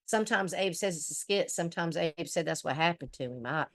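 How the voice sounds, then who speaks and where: A woman's voice: on the low side, brisk, gravelly. A middle-aged woman hosting a casual commentary chat, blunt and profane, trash-talking the people she discusses. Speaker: host.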